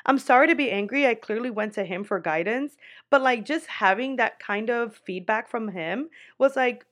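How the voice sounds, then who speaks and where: A woman's voice: fairly high pitch, normal speed, few pauses, a bit bright. A woman in her twenties talks into a podcast microphone, sharing her own experiences with candor. She is blunt and swears freely, and her speech runs on casual fillers like "like" and "you know". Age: 20s. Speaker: podcast host. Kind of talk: candid personal storytelling.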